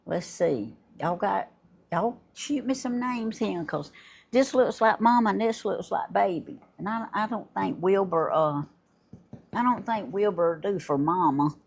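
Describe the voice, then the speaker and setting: An older woman hosts a casual live stream, talking straight to her viewers in a slightly husky voice. She speaks slowly and unhurriedly, her pitch swooping up and down as she chats and laughs. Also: darkish tone. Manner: chatty, effusive, laughs often, talks to viewers. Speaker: livestream host. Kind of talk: casual live chat unboxing gifts.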